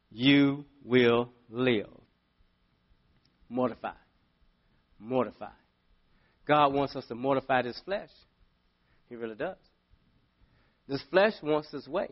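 A middle-aged pastor with a medium-pitched voice preaches a sermon, telling a story that swings sharply between loud and hushed. The audio is lo-fi.

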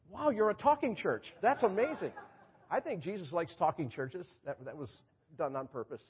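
Husky, joking guest preacher. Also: male voice, high-pitched, sing-song, moderate pace, highs cut off. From New York. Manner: chatty, joking preacher who laughs at his own jokes. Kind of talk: sermon. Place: church sanctuary.

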